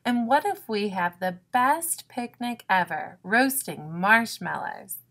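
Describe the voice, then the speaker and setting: A woman doing an excitable cheerful duck. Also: mid-range voice, takes it slowly, vocal fry, exaggerated voice. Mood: eager. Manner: bright, eager, exclaiming.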